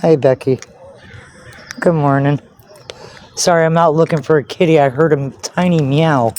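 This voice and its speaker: A woman's voice: low voice, fairly even intonation, moderate pace, a little mellow. A woman talking to herself as she walks outdoors, swearing under her breath and cooing at cats in a sing-song voice. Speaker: vlogger. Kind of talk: casual self-narration while out walking. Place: outdoors in a neighborhood street. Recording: outdoor recording with clear background noise.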